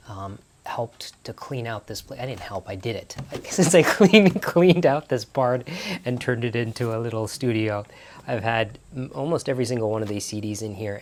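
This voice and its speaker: A man's voice: fairly low pitch, a little hiss or hum. A man vlogging in a small barn studio, telling stories casually with lots of restarts and self-corrections. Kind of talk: casual storytelling to camera.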